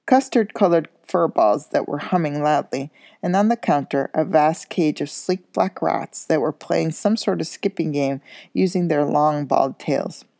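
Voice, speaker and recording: A woman reads a children's novel aloud at a steady pace. Her voice is very low, dark and gravelly. She sometimes trips on a word and corrects herself, and the sound is dry and close. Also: measured pace, no echo. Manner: steady reading with small slips and corrections. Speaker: school coach reading aloud.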